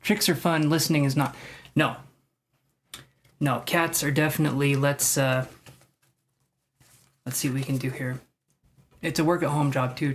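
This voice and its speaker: This is a live-stream tarot reader talking casually from home, greeting viewers by name and cracking self-deprecating jokes between cards. The voice sits mid-range in pitch. A faint noise hums behind it. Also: gravelly. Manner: chatty and self-joking, addressing viewers by name.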